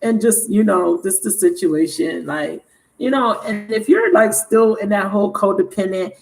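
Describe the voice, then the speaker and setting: With a mid-range, slightly mellow voice at a normal pace, a woman reads tarot and hosts a livestream on her channel. She's candid and animated, swears freely and laughs often, though the recording is low quality.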